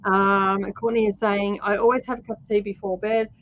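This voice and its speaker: A woman's voice: medium pitch, level tone, fairly quick, dull audio. A woman with an Australian accent hosting a casual livestream, rambling through stories with lots of fillers and laughter. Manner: chatty storyteller, laughs often, many fillers. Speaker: host.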